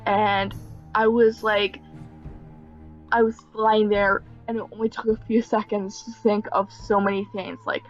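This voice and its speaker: A woman's voice: mid-range voice, flat delivery, normal speed, dull audio, soft background music. A young woman casually telling a personal story, rambling with many fillers and small nervous laughs. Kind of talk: casual story time narration.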